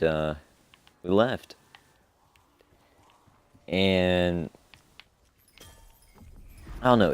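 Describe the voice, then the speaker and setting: A young man telling a rambling, profane story in a casual, laid-back way as a streamer. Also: low-pitched. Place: home streaming setup.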